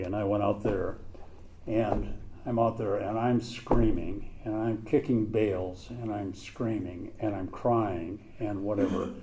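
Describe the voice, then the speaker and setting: A man's voice: lowish voice, creaky, dark tone, slight background noise. Blunt older man telling his recovery story. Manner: blunt, plain-spoken storytelling with mild swearing. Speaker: recovery meeting speaker. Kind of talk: personal recovery story told to a group.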